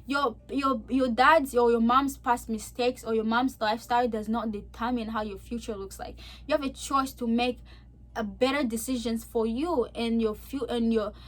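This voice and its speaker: A young woman giving an earnest personal faith testimony, heartfelt and emotional, talking in a chatty way with many fillers and swinging from soft to emphatic. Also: a little high, fairly even intonation, moderate pace. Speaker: vlogger sharing a faith testimony.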